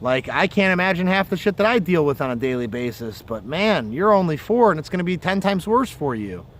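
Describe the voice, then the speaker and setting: A man's voice: a little high, sing-song, a little fast, a bit bright, slight background noise. A man hosting a fishing livestream from outdoors by the water, chatting casually and telling stories in a rambling, profane way. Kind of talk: casual chat. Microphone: phone or camera on a livestream.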